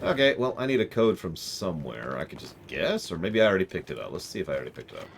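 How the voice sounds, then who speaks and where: A man's voice: low-pitched, big pitch swings, fast talker, creaky, noisy background. A man streaming a video game, rambling and joking about game lore in casual chat.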